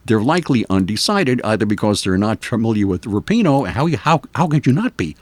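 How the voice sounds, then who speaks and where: A man's voice: lowish voice, very animated, a little fast. An older man hosting a local morning radio show, talking in a casual, opinionated way with many ums and uhs. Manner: chatty, opinionated, hesitant with many fillers. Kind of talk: casual talk radio commentary. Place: radio studio.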